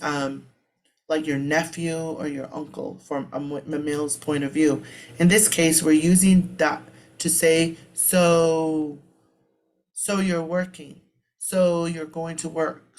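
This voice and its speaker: A woman giving a relaxed spoken lesson, repeating each word slowly and patiently as a language teacher. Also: low-pitched.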